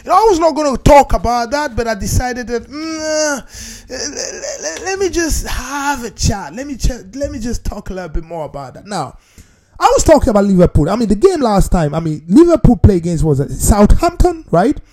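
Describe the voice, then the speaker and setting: A man giving a casual, animated football opinion monologue, repeating himself and talking straight to his viewers. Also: extremely high pitch, fairly quick. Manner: animated, repetitive, talks straight to viewers as "people". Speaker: football commentator.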